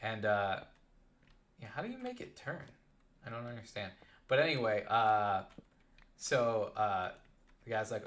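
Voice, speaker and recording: Low-voiced young male streamer, chatty and rambling, telling stories mid-game. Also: moderate pace, long pauses. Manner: rambling and animated. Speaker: gaming live streamer. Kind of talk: casual storytelling while playing.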